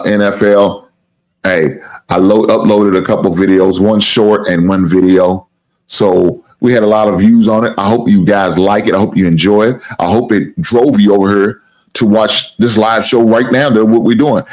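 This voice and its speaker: A man with a deep, low-set voice hosts a casual live sports stream. He rambles, circles back, swears casually and keeps plugging his channel in a loose, relaxed tone. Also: moderate pace. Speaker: sports talk show host.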